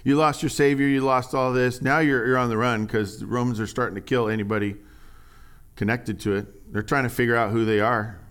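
A man preaching a sermon in a conversational, animated way, reading scripture aloud with rising emphasis. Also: medium pitch, brisk, clean tone. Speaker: pastor.

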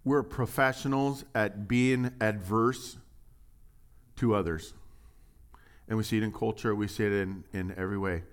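A man preaching a relaxed, conversational sermon in a slightly low voice. He jokes, muses aloud and fires questions at the congregation. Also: measured pace, long pauses. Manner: chatty and jokey, asks the audience questions. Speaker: pastor. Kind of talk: casual sermon and Bible study.

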